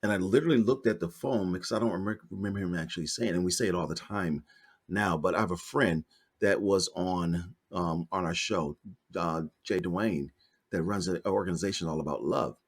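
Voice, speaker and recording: A male podcast host with a very deep voice and a husky edge. He talks in a relaxed, candid way. He chats casually and shares his own stories. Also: a little fast. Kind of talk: casual conversation.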